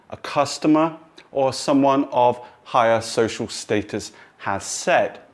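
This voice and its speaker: A man narrating a language lesson in a clear, measured, instructive way. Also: mid-range voice. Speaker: language teacher. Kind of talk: scripted explanatory narration.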